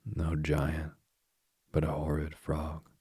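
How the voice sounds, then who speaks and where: A man voicing a spoiled young princess in a storybook reading, in his own deep voice. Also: completely flat delivery, slow, warm tone, breathy edge, no echo, studio quality, full character voice. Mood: fretful. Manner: fretful, pleading. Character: spoiled young princess, fearful then furious.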